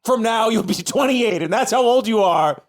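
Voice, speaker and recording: A man's voice: high voice, lively intonation, normal speed. A man playing along in an improvised comedy podcast with a jokey delivery. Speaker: podcast player. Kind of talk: improvised comedy role-play.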